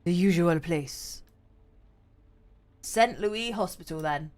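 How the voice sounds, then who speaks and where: A woman's voice: on the low side, pitched below the performer's own voice. A woman doing a tired, shivering male cop. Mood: weary. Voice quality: slow, dragging, hushed. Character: weary middle-aged male detective, shivering.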